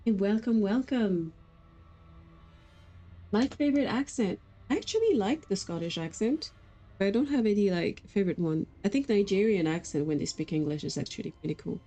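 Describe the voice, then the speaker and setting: A woman's voice: lowish voice, mellow, rough recording. A woman streaming a game, chatting casually and telling rambling stories with frequent laughs. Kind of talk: casual gameplay chat.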